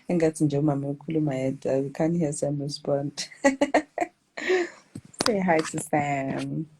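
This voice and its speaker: A young South African woman talks casually into her phone during a livestream at home. Her voice sits low and comes through husky. She rambles and laughs often, mixing English with Zulu. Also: animated, slow, long pauses, mellow, rough recording. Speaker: livestream host.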